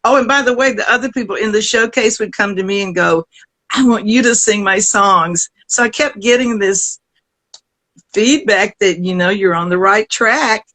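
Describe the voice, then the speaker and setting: A woman's voice: mid-range voice, moderate pace, poor audio. Older Southern woman telling stories. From American South. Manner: lively, laughs often, many restarts. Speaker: guest singer. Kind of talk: storytelling in a conversation.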